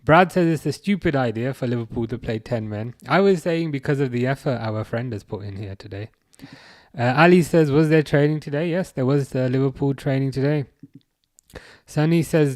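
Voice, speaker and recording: A man hosts a relaxed football chat stream, working through viewer comments one by one. His voice sits at an ordinary middle pitch, and he hesitates a lot, with frequent "um"s and false starts. The sound is dry and close, with no room echo. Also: moderate pace. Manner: hesitant, lots of fillers and restarts. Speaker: livestream host.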